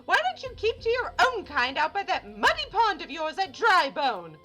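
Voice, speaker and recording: Haughty shrill lady, a woman voicing her, sharp and snooty. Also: huge pitch swings, moderate pace, full character voice. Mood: scornful. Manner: shrill, scornful. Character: haughty annoyed noblewoman.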